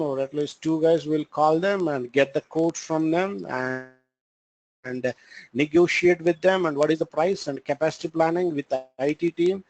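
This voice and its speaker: A man with an Indian English accent teaching a live online class on cloud computing, halting and full of fillers. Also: on the high side, a little mellow, low-quality recording. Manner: halting, frequent fillers and restarts. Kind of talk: live online training lecture.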